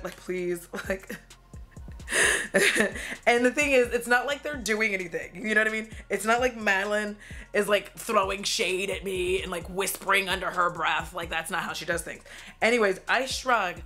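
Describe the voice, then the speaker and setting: A woman talks straight to the camera as she does her makeup, rambling through a story in a loose, chatty way. She swears freely, laughs often and acts out her own past lines. Quiet music plays faintly behind her. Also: medium pitch, normal speed. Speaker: beauty vlogger. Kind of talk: get-ready-with-me storytime chat.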